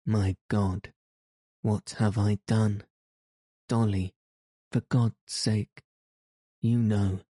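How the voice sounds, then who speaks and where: A man reading the lines of a guilty, pleading husband, halting and tearful. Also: on the low side, level tone, dark tone, dry recording, clean studio sound.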